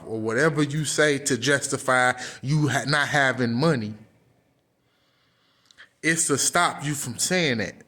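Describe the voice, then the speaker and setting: A man's voice: medium pitch, unhurried, a bit bright. A man gives a casual motivational talk, earnest and repetitive, restarting phrases as he goes. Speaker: motivational speaker.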